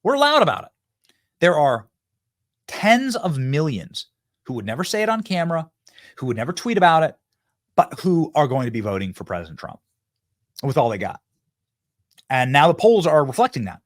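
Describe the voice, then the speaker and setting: A male political show host whose voice swings widely up and down as he talks. He is emphatic and mocking and often bursts out loudly. The sound is dry and close, with no room around it. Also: on the high side, sing-song, normal speed, pauses often, no room sound. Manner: emphatic, mocking, sudden loud outbursts. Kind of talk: animated political commentary.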